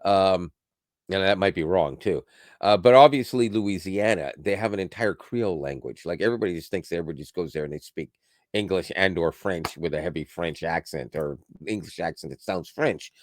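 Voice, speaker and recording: A man with a fairly low voice chats casually on a podcast, rambling with restarts and little laughs. The sound is dry and close. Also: fairly quick, dry recording. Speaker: podcast co-host. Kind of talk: casual chat.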